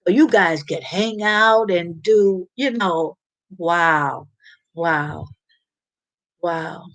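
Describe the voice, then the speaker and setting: A woman's voice: lowish voice, drawn-out words, a bit bright, no room sound, low-quality recording. A woman hosting a casual live-stream chat, reading viewers' comments aloud and rambling along with plenty of fillers. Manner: chatty and rambling, with frequent fillers and restarts.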